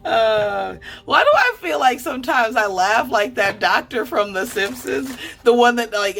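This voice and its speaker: A woman's voice: mid-range voice, creaky, a bit bright. Chatty, foul-mouthed woman reading tarot. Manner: chatty, swears freely, stammers and restarts. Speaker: tarot reader. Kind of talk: casual tarot card reading.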